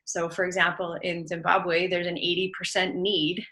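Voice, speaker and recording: A woman on a webinar panel, speaking over a video call and calmly explaining how a funding program works. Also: on the low side, moderate pace, rough recording. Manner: explanatory, adds detail to others' answers.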